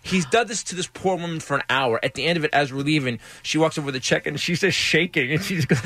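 An animated male comedian telling stories as a guest, talking fast and breaking into laughter as he goes. His voice sits a bit higher than most men's. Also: heavy background noise. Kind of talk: casual storytelling interview.

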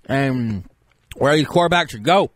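The same kind of radio sketch: a male host impersonates a self-styled draft expert, all pompous boasting in rambling, self-important bursts on a studio mic. This time his medium-pitched voice is expressive and unhurried, lightly acted, with no room sound.

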